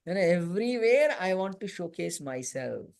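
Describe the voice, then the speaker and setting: A man's voice: sits high, very animated, moderate pace, vocal fry, darkish tone, clear, resonant tone. Guy teaching a youth class in a temple, chatty storytelling, keeps saying you know. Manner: conversational, frequent "you know" and "right?". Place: temple hall.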